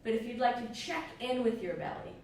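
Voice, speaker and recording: A woman leads a yoga class, her voice gentle and encouraging as she asks how you are feeling. She is heard from a distance in a strongly echoing room with a faint hiss behind her. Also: fairly high pitch, lively intonation, fairly quick. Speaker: yoga teacher. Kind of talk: guided yoga class instruction. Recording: echoey room, mic far off, faint hiss.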